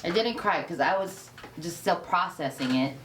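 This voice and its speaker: A woman's voice: on the low side, normal speed. A woman telling a personal story in a candid conversation, acting out the quoted lines feeling. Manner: animated, acts out quoted dialogue. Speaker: guest. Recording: roomy echo, mic at a distance, faint hiss.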